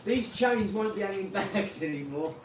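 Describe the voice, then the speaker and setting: Man vlogger, high-pitched, blunt, rambling; far from the mic with noticeable noise. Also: expressive, normal speed. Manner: rambling, blunt, swears then apologizes. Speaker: channel host. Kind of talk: casual vlog monologue. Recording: echoey room, far from mic, clear background noise.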